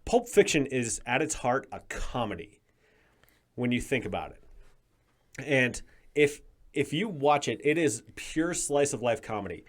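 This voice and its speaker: A man guesting on a podcast, telling stories in an animated, emphatic way during casual chat. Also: medium pitch, measured pace, pauses often.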